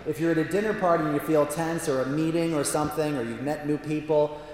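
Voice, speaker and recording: This male priest has a fairly high, darkish voice and a quick pace. Addressing an audience with humor, he tells stories full of playful asides. The sound carries roomy hall reverb and faint background noise.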